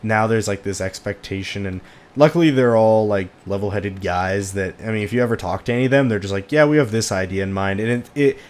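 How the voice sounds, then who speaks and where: Low-voiced hesitant man, podcast chat. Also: brisk. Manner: hesitant, searching for words, many fillers.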